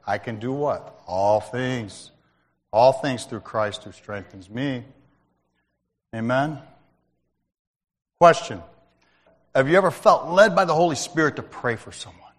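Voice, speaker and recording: A man's voice: mid-range voice, lively intonation, measured pace, pauses often, big-room sound. A man giving a testimony at church in a conversational, storytelling way, calling out to listeners by name. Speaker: lay speaker at church. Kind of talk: sermon-style testimony.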